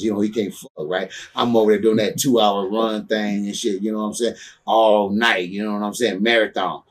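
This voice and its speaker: A lowish male voice, captured from a distance, belongs to an ex-pro wrestler in a candid shoot interview. He relates stories bluntly, swears a lot, keeps saying "you know what I'm saying," and gets fired up about grudges.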